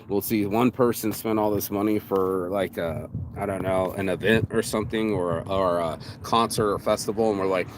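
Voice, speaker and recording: A man's voice: low voice, fairly even intonation, normal speed, few pauses, noisy background. A man vlogging outdoors in a rambling, profane casual monologue, calling the listener "bro". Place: outdoors in public.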